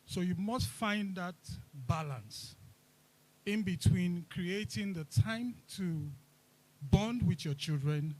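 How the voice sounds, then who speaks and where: A man answering as a panel guest, measured and calm, giving advice. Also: high voice, rough recording.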